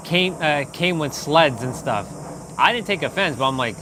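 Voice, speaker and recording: A man from Canada chatting casually on a live stream, rambling and animated, laughing often as he talks to viewers. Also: a little high, unhurried, background noise.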